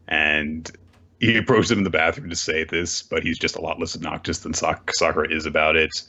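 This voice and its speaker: A man's voice: low voice, normal speed, pushed and bright, highs cut off. A man hosting a podcast, chatting casually and acting out characters' lines as he recaps. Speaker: podcast host. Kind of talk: casual chat, recapping manga.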